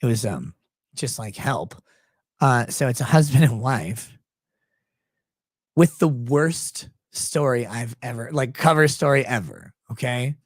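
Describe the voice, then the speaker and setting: Lively, sarcastic man telling a crude story. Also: mid-range voice, a little slow, dry recording, studio quality. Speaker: lawyer and livestream host. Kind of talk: casual livestream storytelling.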